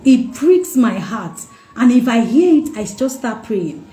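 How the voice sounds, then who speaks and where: Woman, fairly high voice, heartfelt personal testimony, repeats lines for emphasis, echoey room. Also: sing-song, a little slow, dark tone. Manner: emotional, repeats phrases for emphasis. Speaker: mother sharing her testimony.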